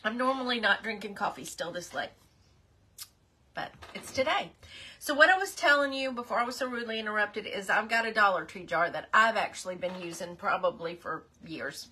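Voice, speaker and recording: A woman's voice: mid-range voice, expressive, a little fast, bright, forceful tone, breathy edge. A middle-aged woman hosting a casual live craft stream, chatty and apologetic, greeting her viewers by name. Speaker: craft livestream host.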